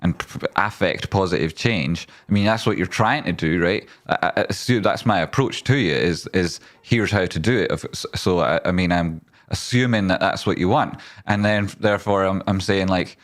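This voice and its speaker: A man's voice: deep voice, normal speed, hardly any pauses. A man hosting a casual stock market livestream, rambling as he talks straight to his viewers.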